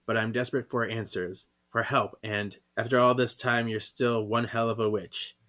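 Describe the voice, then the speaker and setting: A man's voice: medium pitch, fairly even intonation, moderate pace, a bit bright, close to an everyday voice. A man reading out A proud young witch woman, boastful and defiant, in a plain middle voice. She sounds desperate for help under the bragging.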